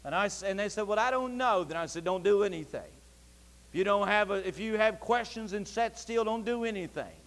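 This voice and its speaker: High-voiced preacher in a reverberant church. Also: male voice, brisk. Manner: emotional storytelling, rising to fervent near-shouting. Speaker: pastor. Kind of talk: sermon. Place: church sanctuary.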